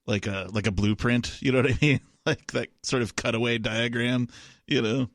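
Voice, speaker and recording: A man's voice: medium pitch, steady tone, normal speed, slight background noise. A male radio co-host bantering casually, laughing easily and using fillers. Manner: laid-back, chuckling, fillers like "you know".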